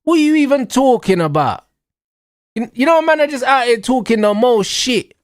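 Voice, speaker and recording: A man's voice: very high voice, animated, normal speed, no echo, clean studio sound. A young man ranting in a heated, mocking, slang-heavy way during a football watch-along. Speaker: streamer.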